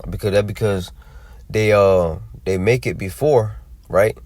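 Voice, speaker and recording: Deep-voiced man preaching with drawling asides. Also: a little slow, a little mellow, no echo. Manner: drawling, many fillers and tag questions. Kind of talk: scripture teaching.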